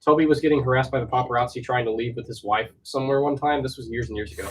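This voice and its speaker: A man hosting a casual chat, telling stories in an animated way and laughing as he goes. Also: mid-range voice, rapid-fire. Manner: animated storyteller, laughs while retelling. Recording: distant mic with faint noise.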